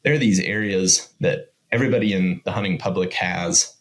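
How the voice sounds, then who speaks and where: Man, guest, deep voice, relaxed, rambling, filler words. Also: moderate pace. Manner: rambling, relaxed, many fillers like "you know" and "kind of". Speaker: podcast guest. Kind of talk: casual chat.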